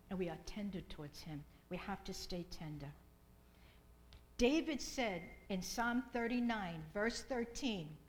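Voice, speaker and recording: A middle-aged woman preaching in an unhurried, drawn-out way, repeating her phrases with fervor and at times sinking to a hushed whisper. Her voice sits at an ordinary pitch, and a faint hum runs beneath it. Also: low-quality recording. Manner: fervent, repeats phrases, drops to soft whispers in prayer. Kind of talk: sermon.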